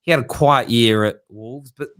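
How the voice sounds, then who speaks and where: A man's voice: medium pitch, moderate pace, a bit bright. A young man hosting a football fan show, chatting casually with callers and mocking others in whiny put-on voices.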